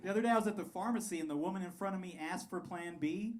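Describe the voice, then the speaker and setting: A man in his thirties doing a crude, animated stand-up set on a comedy club stage, laughing through his punchlines. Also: high voice, very fast. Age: 30s. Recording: live club recording, crowd and room noise.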